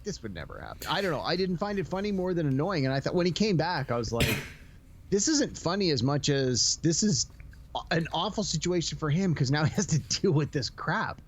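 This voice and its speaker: Hesitant man with a lively voice. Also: a little high, moderate pace, a little hiss or hum. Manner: hesitant, stammering restarts, skeptical. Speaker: podcast co-host. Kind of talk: casual movie review chat. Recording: dull lo-fi sound.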